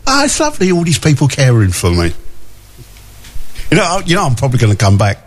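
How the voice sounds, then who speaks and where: A man's voice: mid-range voice, wildly swooping pitch, quick pace. A male radio host chatting and reading out listener messages in a jokey way, laughing often.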